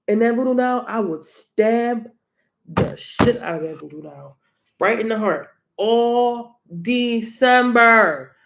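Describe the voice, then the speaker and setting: Woman tarot reader, slightly high voice, blunt and profane, laughs between points. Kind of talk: casual tarot reading rant.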